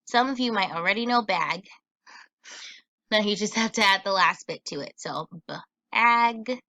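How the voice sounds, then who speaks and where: A woman teacher giving a recorded phonics lesson for children, sounding out words slowly and patiently. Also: mid-range voice, bright, forceful tone, no room sound.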